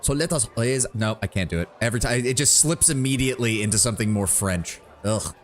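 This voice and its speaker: A man with a fairly low pitch and quick pace streams a role-playing game over faint game music. His casual commentary is full of jokes, swearing, and thinking aloud, alongside reading the story text out loud.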